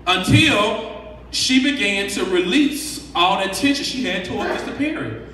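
A man's voice: high-pitched, animated, unhurried, pushed and bright, slight background noise. A man giving an emphatic, preachy motivational talk to a workshop audience, counting off numbered points. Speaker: workshop speaker. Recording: echoey hall from far off.

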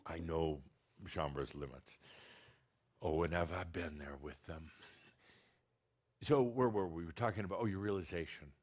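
A man's voice: low voice, brisk, pauses often. A man channeling a spiritual teacher, talking to an audience in a blunt, direct, teasing way with many restarts.

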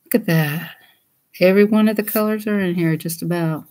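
A woman's voice: fairly low pitch, a little fast, a little mellow. A woman who hosts a coloring channel chats casually while she colors. She giggles a lot and keeps slipping into silly voices.

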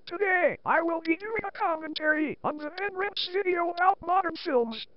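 A text-to-speech voice set to a woman, sitting extremely high and reading commentary in a flat, mocking way. The sound is dull and lo-fi, as if squeezed through a cheap output. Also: normal speed. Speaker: commentary host.

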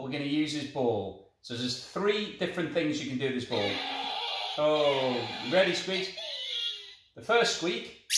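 Man, toy review, slow delivery, coaxing sing-song, clear background noise. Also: medium pitch, roomy sound.

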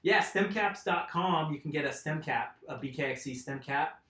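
A mountain bike vlogger with a fairly high, bright voice chats at normal speed on a live stream while working on his bike. He rambles casually and answers viewers' comments, and the recording has a roomy echo.

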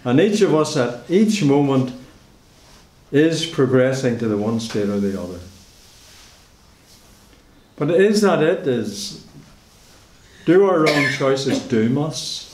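A man preaching a sermon in a church, measured and repeating key phrases for emphasis. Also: mid-range voice, darkish tone. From Northern Ireland. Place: church hall. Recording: echoey church hall.

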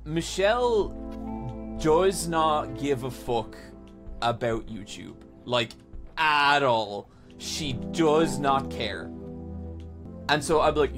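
A man's voice: medium pitch, expressive, slow, music in the background. A man in his thirties hosting a podcast in casual chat, rambling, self-mocking and swearing freely. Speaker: podcast host. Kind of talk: casual chat playing a game.

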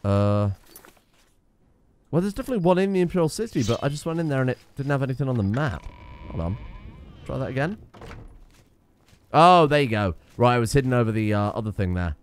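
Male let's-player, animated and sweary, mid-pitched with a wide, bouncy range. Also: a little fast, pauses often, clean tone, dry recording. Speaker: let's play gamer. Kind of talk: casual gameplay commentary.

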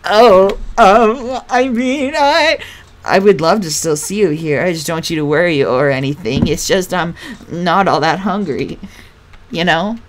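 A woman's voice: lowish voice, unhurried, a little hiss or hum, close to an everyday voice. A woman voicing a shy, nervous young man in a dating game who stammers with flustered eagerness.

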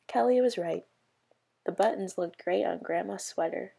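A woman's voice: fairly low pitch, measured pace, vocal fry, mellow, breathy edge. A woman early years educator reading a picture book aloud for children.

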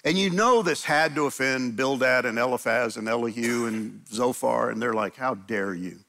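A middle-aged man, a pastor, preaching a conversational sermon in a church, telling stories in a lively way and acting out quotes. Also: mid-range voice, normal speed, gravelly. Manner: animated storytelling, acts out quotes. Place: church sanctuary.

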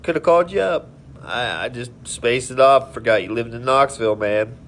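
A man's voice: mid-range voice, animated, normal speed, fairly bright tone, slight background noise. A man hosting a casual live stream, rambling in a friendly, tipsy way as he tells stories and greets viewers.

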